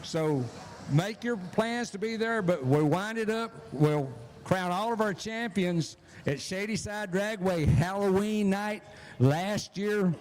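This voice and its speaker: High-voiced Southern man announcing races. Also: darkish tone, a little hiss or hum. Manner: fast-talking, folksy, slips on words. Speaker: drag race announcer. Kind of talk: live track announcing. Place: outdoors at a drag strip. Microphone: handheld microphone.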